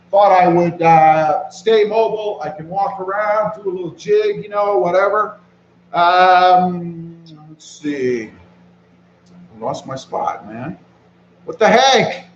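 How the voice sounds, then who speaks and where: A man hosting a casual live stream, reading viewer comments aloud and greeting people by name in a relaxed way while he walks around with his phone. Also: high-pitched, echoey room, muffled recording, a little hiss or hum. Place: walking around outdoors.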